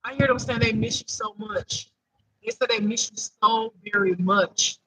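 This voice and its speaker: A man's voice: high-pitched, normal speed, pushed and bright, slightly rough, no echo, poor audio. A man giving an improvised spiritual reading to viewers, emotional and close to tears, repeating himself in a chatty way. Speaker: intuitive spiritual reader.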